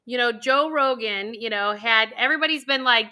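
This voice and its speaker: A woman hosting a casual interview, telling her own experiences in a bubbly, animated way. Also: on the high side, moderate pace. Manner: bubbly, animated storytelling with acted-out quotes. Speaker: host.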